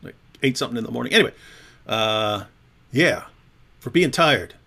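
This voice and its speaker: A man hosting a casual livestream, talking in an animated way with frequent restarts. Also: mid-range voice, normal speed, vocal fry, husky. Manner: animated, repeats words and restarts often. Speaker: host.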